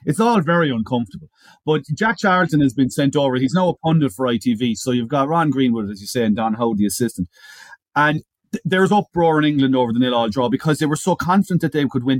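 A man with a fairly high voice spins a story for his co-hosts, circling back and repeating words as he builds it. The sound is close and dry, with no room around it. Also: no echo. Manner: animated retelling, repeats words as he goes. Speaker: podcast co-host. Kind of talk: casual chat, storytelling.

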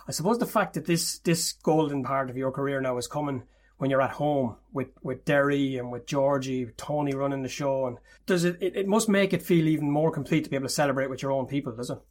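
A man's voice: mid-range voice, a little fast, a little mellow. A man interviewing a guest, asking long, winding questions.

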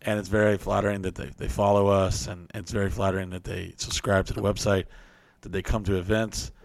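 A man hosting a podcast, telling stories in a casual, profane, animated way. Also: low voice, a little fast, creaky, no echo. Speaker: podcast host. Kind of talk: casual storytelling chat.

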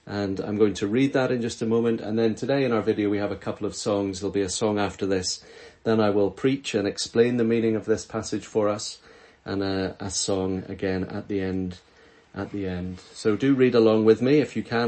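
A man's voice: fairly low pitch, steady tone, a little mellow. Man preaching an earnest sermon. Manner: earnest, measured preaching with rhetorical questions. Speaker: pastor. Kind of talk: sermon with scripture reading.

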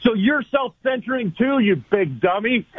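Radio co-host, man, higher voice, argumentative rant, dry tinny phone-like sound. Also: expressive, normal speed, no echo. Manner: argumentative, ranting, teasing. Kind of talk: heated radio debate.

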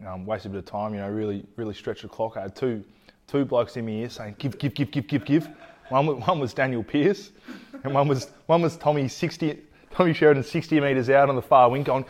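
A young Australian man, a former footballer, telling stories in a relaxed, rambling way as a podcast guest. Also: mid-range voice, a little fast. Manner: laid-back, rambling, restarts phrases. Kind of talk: casual chat.

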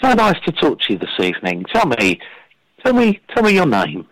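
A man voicing a sultry late-night radio host who keeps dropping his voice lower to coax callers. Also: wildly swooping pitch, normal speed, fairly bright tone, rough recording. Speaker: comedy radio presenter.

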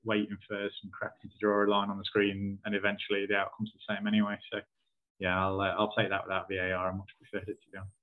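A man co-hosting a casual football podcast, giving dry, analytical takes. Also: lowish voice. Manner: flat, dry, fast-talking analysis. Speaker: podcast co-host. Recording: tinny phone-like line.

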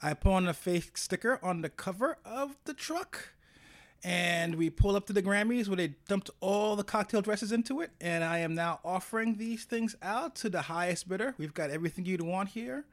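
A man co-hosting a casual comedic chat, joking and quick, often stammering and restarting his sentences. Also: sits high. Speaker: podcast co-host.

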